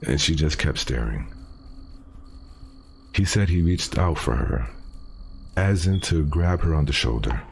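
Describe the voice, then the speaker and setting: A man hosting a podcast, reading a first-person horror story aloud in a casual, profane way with dramatic pauses. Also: a bass voice, lively intonation, vocal fry, faint music behind.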